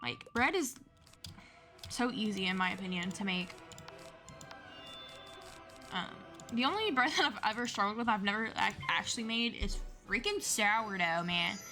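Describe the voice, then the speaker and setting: A woman's voice: mid-range voice, expressive, normal speed, pauses often, pushed and bright. A young woman hosting a gaming channel who rambles chattily through stories while she plays and laughs often. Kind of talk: casual chat over gameplay. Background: game music.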